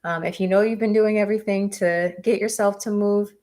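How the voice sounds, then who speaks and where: A woman's voice: mid-range voice, fairly even intonation, fairly quick, warm tone. A woman giving live-stream tarot readings, chatting with viewers in an encouraging way. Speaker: tarot reader.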